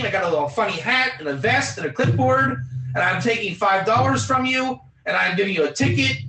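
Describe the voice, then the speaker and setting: A man's voice: very high voice, pushed and bright, echoey room, a little hiss or hum, rough recording. A man, a rabbi, teaching an online class, acting out little scenes and calling on students to type their answers. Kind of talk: lively online Torah class.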